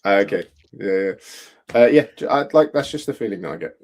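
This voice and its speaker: A man's voice: mid-range voice, lively intonation, brisk. A man co-hosting a podcast, musing in a rambling way full of fillers and "like". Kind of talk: casual video-call chat.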